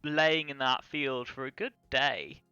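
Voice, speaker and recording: A man running an online tabletop game as game master, narrating quickly with frequent fillers. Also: medium pitch, sharp tone, smooth, no room sound, muffled recording, faint music behind.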